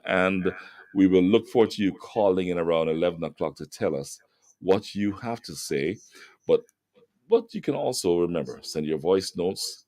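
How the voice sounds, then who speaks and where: A middle-aged Jamaican man hosting a radio talk show from a studio. His voice is very low but lively, rising and falling as he makes emphatic, moralizing points. The sound is dry and close to the microphone. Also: no room sound. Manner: emphatic, moralizing, repeats words for stress. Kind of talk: preachy radio commentary.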